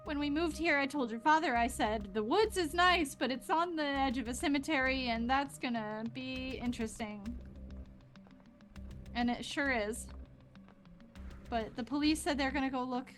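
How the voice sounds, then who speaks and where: A frightened mother frets and rambles, her voice pitched up and kept soft and hushed, as a woman puts her on. She keeps apologizing and tripping over her words. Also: normal speed, faint music behind. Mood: fretful. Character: anxious tearful mother of a teen girl.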